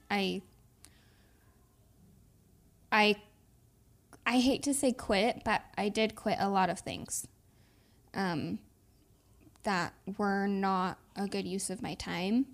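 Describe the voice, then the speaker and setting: A woman co-hosting a podcast speaks in a gravelly, medium-pitched voice. Her talk is earnest, reflective and heartfelt, a casual chat.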